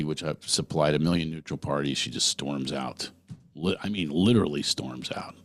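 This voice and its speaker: A man's voice: very deep voice, moderate pace, a bit bright, no room sound. A middle-aged man hosting a podcast, talking earnestly through a personal monologue and putting questions straight to the listener. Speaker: podcast host.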